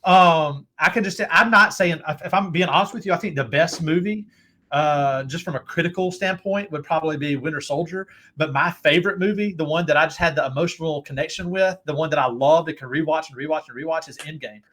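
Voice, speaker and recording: Middle-aged male host, bright tense voice, excitable rambling fan energy. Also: a little high, fairly quick. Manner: enthusiastic, rambling fan talk. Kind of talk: casual chat.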